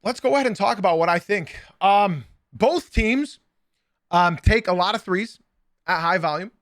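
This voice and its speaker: A man hosts a casual sports livestream and chats straight to his viewers. His voice sits high and bright, with frequent ums and loose asides. The sound is dry and close. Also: normal speed, dry recording. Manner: chatty, filler-heavy, talks straight to chat. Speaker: podcast and stream host.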